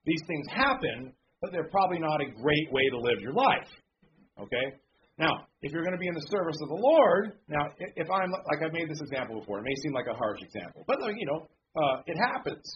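A man preaching a sermon as pastor, talking conversationally with frequent "okay?" check-ins and reading scripture slowly and deliberately. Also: medium pitch. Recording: dull lo-fi sound with faint background noise.

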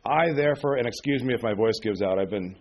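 A pastor with a weak voice, under the weather with a cold, preaching in a folksy, conversational way that keeps checking in with "okay?". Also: male voice, on the low side, fast, a little hiss or hum. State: sick with a cold. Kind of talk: conversational sermon. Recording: dull lo-fi recording.

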